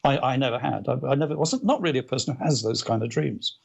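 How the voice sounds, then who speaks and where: A male author as a guest, telling anecdotes in a casual interview, animated, with many restarts and fillers. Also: mid-range voice, fast, creaky, slightly rough.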